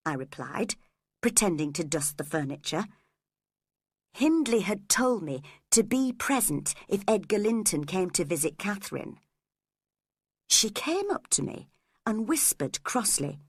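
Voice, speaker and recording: Slow, expressive woman narrating a story. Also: on the low side, husky, no room sound, clean studio sound. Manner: measured, expressive reading. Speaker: audiobook narrator.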